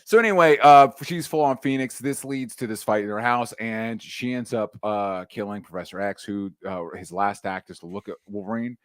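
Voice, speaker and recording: A man co-hosting a casual podcast, recapping a film in a loose, relaxed way and swearing freely. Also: lowish voice, normal speed, hardly any pauses, smooth, dry recording, studio quality. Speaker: podcast co-host. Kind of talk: casual movie recap chat.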